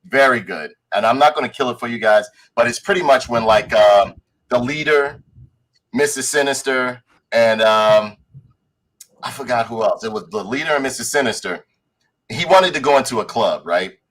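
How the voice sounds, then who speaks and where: A man on a casual podcast, retelling a show with lively energy. He jumps into the characters' voices mid-story and swears freely, with a mid-range voice that sounds natural and unforced. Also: medium pitch, moderate pace, rough recording. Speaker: podcast co-host. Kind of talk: casual chat reviewing a show.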